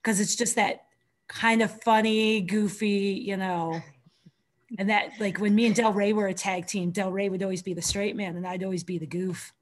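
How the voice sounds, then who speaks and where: A woman's voice: mid-range voice, fairly even intonation, normal speed. A woman hosting a podcast, chatting casually about wrestling, laughing and acting out quotes in her stories. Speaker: podcast host, wrestling trainer.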